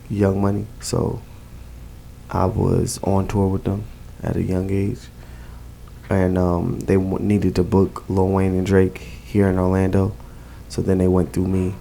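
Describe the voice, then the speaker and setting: Low-pitched and dark-toned with vocal fry, this Newark native speaks in a New Jersey accent while appearing as host and guest on a podcast interview. His talk is casual, punchy, full of slang and repeated phrases, with a little hiss or hum in the recording.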